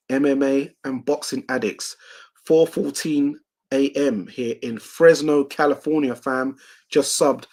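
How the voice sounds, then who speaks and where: A young man hosting a live watch-along, giving excitable play-by-play of a boxing match and reading out viewer comments. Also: medium pitch, unhurried. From United Kingdom.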